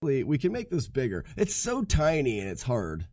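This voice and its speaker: A man's voice: medium pitch, huge pitch swings, moderate pace, hardly any pauses, darkish tone, soft background music. A man streaming a game and commenting casually, rambling and self-mocking, often laughing and swearing. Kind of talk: casual live gameplay commentary.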